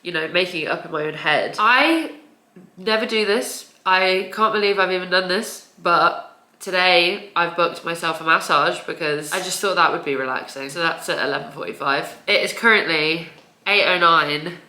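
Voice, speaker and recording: Young woman, confessional home vlog, bright tone, rambling with nervous laughs, echoey room. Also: fairly low pitch, normal speed. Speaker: vlogger. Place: home, indoors. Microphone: camera.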